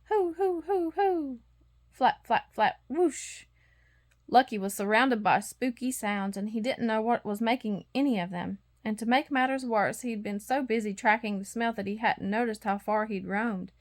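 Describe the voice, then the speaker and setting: A woman reading a bedtime storybook aloud, expressive and acting out the sound effects. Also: medium pitch, moderate pace, few pauses. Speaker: storybook reader.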